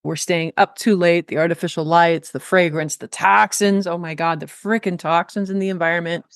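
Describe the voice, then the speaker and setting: A woman's voice: fairly low pitch, fairly even intonation, normal speed, clear, resonant tone, no room sound, studio quality. A woman guest on a podcast interview, a nutrition coach talking in a blunt, emphatic way with casual swearing.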